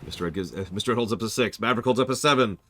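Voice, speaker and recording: Male streamer, casual game commentary, lively, low-ish, bright. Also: racing. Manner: lively, joking, self-correcting.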